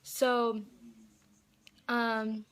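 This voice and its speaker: A young woman vlogging an excited fan storytime, gushing and full of fillers. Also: on the high side, drawn-out words.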